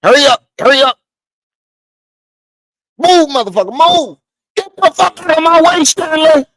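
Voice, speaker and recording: A man voicing a strained, self-important preacher who frantically yells at a photographer. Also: a little slow, dry recording, full character voice. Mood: frantic yelling. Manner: shrill, frantic, yelling.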